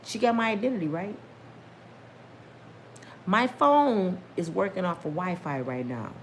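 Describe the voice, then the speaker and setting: A middle-aged woman telling a personal story casually and emphatically to her viewers, talking straight to them, breaking into religious exclamations and climbing high when worked up. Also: expressive, measured pace, slight background noise. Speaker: storyteller vlogger.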